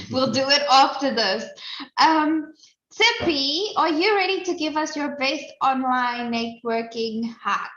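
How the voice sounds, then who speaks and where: A woman's voice: high-pitched, animated, slow pace, a bit bright. A woman hosting an online networking show, enthusiastic and effusive in a casual chat. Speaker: show host. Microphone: video call. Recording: echoey room, dull lo-fi sound.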